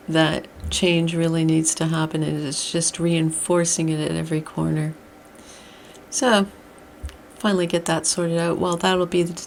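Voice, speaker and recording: A middle-aged woman delivers a blunt, exasperated rant with a gravelly, creaky edge to her voice. She speaks at an ordinary mid pitch for a woman. A faint hiss of noise sits under her voice. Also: a little mellow. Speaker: vlogger. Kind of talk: ranting monologue.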